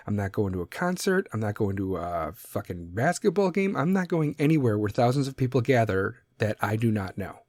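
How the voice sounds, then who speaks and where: A male podcast host rants bluntly and sarcastically, swearing in nearly every sentence. His voice swings widely between low grumbles and high emphatic peaks. The recording is dry and close, with no room sound. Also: a little mellow, no echo. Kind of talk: profane solo podcast rant.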